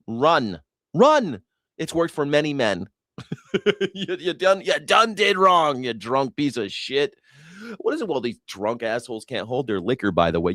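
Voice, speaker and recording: A man's voice: a little high, no room sound, studio quality. A man hosting a news reaction show, giving blunt, mocking, profane commentary and laughing at his own jokes.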